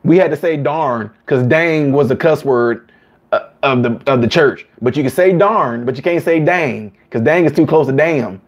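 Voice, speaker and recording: A man hosting a live chat stream, talking casually to viewers and acting out quotes in higher voices. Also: normal speed. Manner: animated, acts out quotes in higher voices, laughs often.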